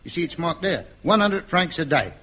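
An actor playing a scheming, smooth-talking agent with a chummy, wheedling manner, in a 1950s radio comedy. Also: male voice, fairly high pitch, very animated, normal speed, pushed and bright, heavily acted. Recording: dull old radio recording with faint hiss.

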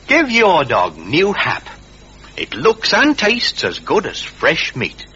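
Male advert voice, husky and very lively, dull lo-fi. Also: a little high, slow. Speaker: advert narrator. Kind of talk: 1970s TV advert.

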